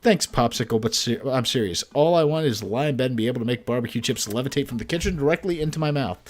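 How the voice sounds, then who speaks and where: A man voicing a dry, deadpan, sarcastic teenage girl in a video game. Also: medium pitch, fast talker, pitched below the performer's own voice, close to an everyday voice.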